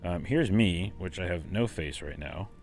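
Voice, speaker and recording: Deep-voiced let's play host, chatty and rambling, enthusiastic. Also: male voice, expressive, a little slow, darkish tone, faint music behind. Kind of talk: casual game commentary.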